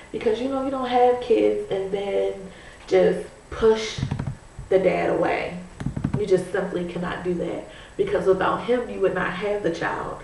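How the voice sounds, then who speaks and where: A pregnant vlogger curls her hair while chatting casually to her camera, musing and leaning on "you know" and "I'm like." Her mid-range voice is steady, a little slow, creaky and darkish. She's recorded from a distance in an echoey room, with faint noise.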